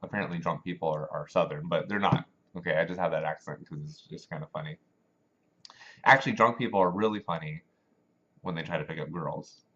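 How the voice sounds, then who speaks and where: A man hosting a casual monologue show, talking in an animated, rambling way with many fillers, in a dull lo-fi recording. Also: rumbling low, brisk. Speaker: show host.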